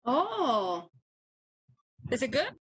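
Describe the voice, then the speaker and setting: A woman's voice: sits high, very animated, drawn-out words, breathy edge, lo-fi sound. A woman co-hosting a podcast in casual chat, laughing often and swearing freely. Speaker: podcast co-host.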